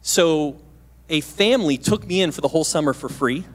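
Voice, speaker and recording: A man's voice: fairly high pitch, expressive, moderate pace. A man in his thirties preaching as a guest pastor, telling a personal story with jokes and questions to the congregation. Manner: chatty, self-deprecating, asks the audience questions. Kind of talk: sermon storytelling with humor. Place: church stage.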